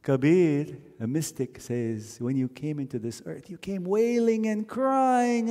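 A man from Canada leading a wedding ceremony, telling stories in a gently reflective way and now and then chanting verses. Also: on the high side, animated, a little slow, hardly any pauses. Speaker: wedding officiant. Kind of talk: wedding sermon with sung verses. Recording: long hall reverb.

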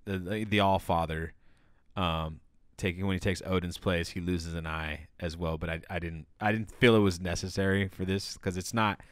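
A man with a very deep voice co-hosting a casual film podcast. He talks agreeably but hesitantly, restarting his sentences. The dry, close recording has no room echo. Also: fairly even intonation, moderate pace. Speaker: podcast co-host. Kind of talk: casual film review chat.

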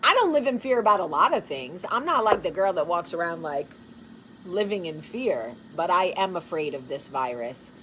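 A woman's voice: mid-range voice, low-quality recording. Blunt, joking woman host with faint background noise. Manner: blunt, profane and joking, laughs often; swings from hushed earnest talk to loud animated bursts. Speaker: show host. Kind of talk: casual chat to camera.

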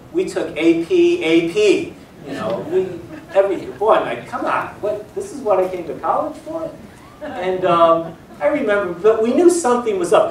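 A middle-aged priest gives a relaxed, storytelling lecture in a planetarium auditorium. His voice sits fairly high, and it carries a roomy echo. The mic is set back from him, with a faint rumble underneath. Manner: lively storyteller, self-deprecating humor. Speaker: priest giving a public lecture. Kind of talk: conversational public talk. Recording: echoey hall, mic at a distance.

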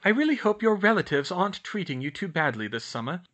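A man's voice: sits high, big pitch swings, fast, a bit bright, voice pushed up, heavily acted. A man reading out a letter in the voice of an earnest, caring schoolgirl. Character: bright, earnest schoolgirl witch.

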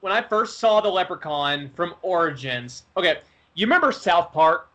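A man chatting on a podcast, telling stories in an animated way and often repeating words as he starts a sentence. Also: high voice, moderate pace. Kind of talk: casual chat.

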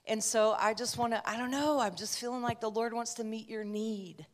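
A woman's voice: on the high side, steady tone, normal speed. A woman preacher giving a conversational sermon, telling a personal story with chatty asides.

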